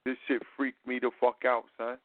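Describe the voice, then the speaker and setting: A man's voice: medium pitch, moderate pace, slight background noise. Man telling a profane story over tinny sound. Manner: profane, animated street-slang storytelling. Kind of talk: casual storytelling chat.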